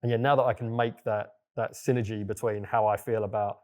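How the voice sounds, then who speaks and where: A man's voice: lowish voice, flat delivery, brisk, a little mellow. A young man telling his story in a casual, loose way, with plenty of fillers and the odd swear word. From England. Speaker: guest entrepreneur. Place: villa in Bali.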